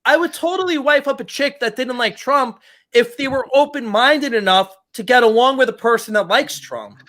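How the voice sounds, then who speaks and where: A man's voice: very high voice, moderate pace, sharp tone. A man co-hosting a podcast in casual chat, rambling with lots of "like". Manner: rambling, hedging with "like". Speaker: podcast co-host.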